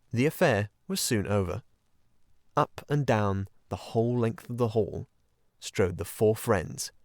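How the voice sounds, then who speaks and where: A man narrating a classic children's story in an expressive audiobook reading. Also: on the low side, no echo, clean studio sound.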